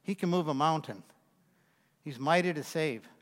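A man in his sixties preaches in an easy, conversational way, telling folksy stories and speaking aside to the congregation. His fairly high voice moves at normal speed, with the long reverb of a large hall.

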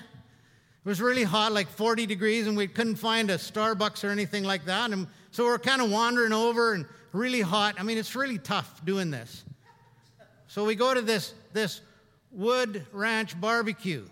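Middle-aged Canadian pastor, high voice, conversational sermon, reverberant church hall. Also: male voice, bright, forceful tone. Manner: conversational preaching, rising for emphasis, often repeating himself. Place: church sanctuary.

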